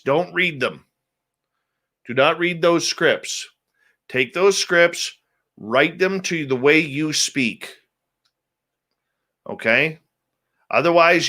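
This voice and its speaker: A man's voice: on the high side, pushed and bright. A man hosting a radio show, chatting casually with his live viewers, greeting them by name and muttering asides to himself.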